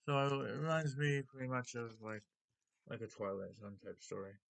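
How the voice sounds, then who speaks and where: A man's voice: medium pitch, moderate pace, creaky, a bit bright. A man hosting a comic book video, casually retelling a story and unboxing comics in a loose, rambling way.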